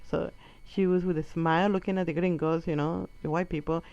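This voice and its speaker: A woman from Colombia doing stand-up, telling a story in a profane, animated way and acting out the people in it. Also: lowish voice, brisk. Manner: animated, profane, acts out quotes. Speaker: stand-up comedian. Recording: dull lo-fi recording.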